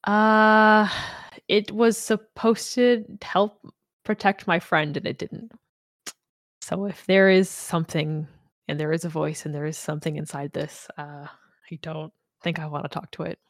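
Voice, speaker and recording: A woman plays a grieving young woman adventurer in a tabletop game who keeps people at arm's length. She speaks haltingly and keeps restarting, in a lowish voice on a dry, close recording. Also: fairly even intonation, no echo. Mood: guarded. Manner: hesitant, halting, full of restarts.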